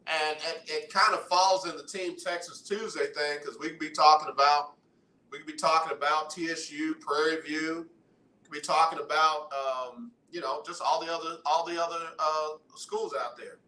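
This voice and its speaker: A man hosts a call-in radio show from the studio, bantering and teasing his listeners. His voice sits a little high and sounds bright and forceful. The studio adds a roomy echo. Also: normal speed. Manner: animated, banters with listeners and callers. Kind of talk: casual radio talk.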